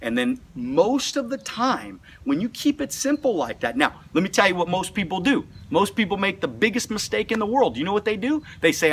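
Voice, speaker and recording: Animated, lively man coaching salespeople. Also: high voice, brisk, few pauses, slight background noise. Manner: animated, repeats words when excited. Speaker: sales trainer. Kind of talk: motivational teaching.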